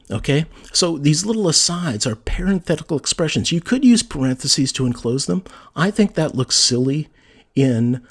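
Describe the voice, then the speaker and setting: A man's voice: on the high side, sing-song, normal speed, breathy edge. A man giving a casual spoken lesson on writing, talking conversationally and reading example sentences aloud with emphasis. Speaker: writing teacher.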